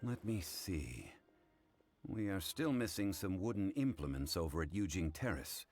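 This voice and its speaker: A very deep, formal gentleman. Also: faint music behind, exaggerated voice. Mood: composed. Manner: measured, formal, calm. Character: composed, dignified wealthy gentleman.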